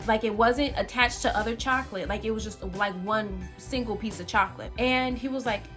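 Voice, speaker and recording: A young woman chats straight to her viewers in a casual storytime, her fairly high voice bouncing around as she gets animated and exclaims. Soft music plays faintly behind her. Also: brisk. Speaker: vlogger.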